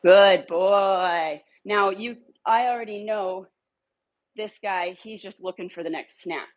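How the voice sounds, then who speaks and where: A woman's voice: medium pitch, a little slow, dull audio. A woman dog trainer giving a casual walk-through while coaching dogs on a leash, with upbeat coaxing praise. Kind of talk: casual training demo, talking to camera and dogs.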